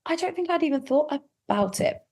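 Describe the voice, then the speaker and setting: A woman's voice: sits high, lively intonation, a little fast, a little mellow. A woman guest on a casual podcast chat, talking in a chatty, reflective way and often qualifying herself.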